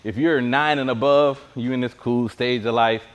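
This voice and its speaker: A man's voice: medium pitch, fairly even intonation, normal speed, clean tone, muffled recording. A man leading a virtual PE class, joking and bantering with his co-coach while calling out exercises. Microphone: clip-on mic pack.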